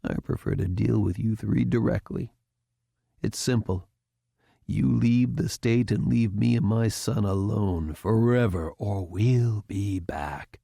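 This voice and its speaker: A man voicing a furious retired general who speaks in a low, cold, threatening way. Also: takes it slowly, vocal fry, dark tone, slightly rough, no echo, studio quality, heavily acted. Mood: menacing.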